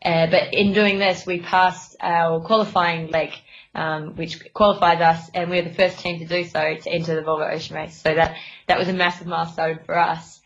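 A woman's voice: on the low side, little pitch movement, moderate pace. A young adult woman sailor, interviewed in a casual radio chat, talking hesitantly with many fillers and restarts. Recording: dull lo-fi line.

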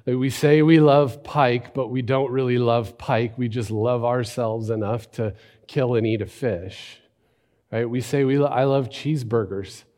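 A man preaching a sermon, telling a story and then building to emphatic, animated points. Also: medium pitch, measured pace, big-room sound. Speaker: pastor.

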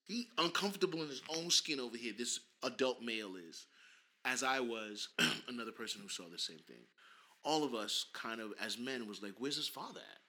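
A man in his thirties co-hosting a casual podcast, animated and teasing, laughing often. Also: mid-range voice, moderate pace. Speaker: podcast co-host, father.

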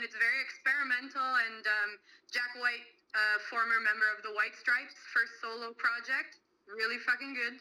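A woman's voice: a little high, bright, forceful tone, rough recording. A young woman co-hosting a podcast, chatting casually and enthusiastically about albums, with lots of "like" fillers. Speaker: podcast co-host. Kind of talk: casual music chat.

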